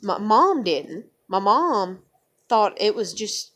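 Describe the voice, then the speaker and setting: A woman's voice: medium pitch, big pitch swings, takes it slowly, a bit bright. A young woman venting in a personal vlog, cursing freely and telling a painful family story in a raw, emotional way. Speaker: vlogger.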